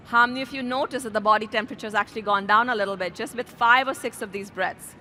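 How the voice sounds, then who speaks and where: Woman, yoga instructor, calm and gentle, slow guided breathing, higher voice, outdoors, faint city traffic.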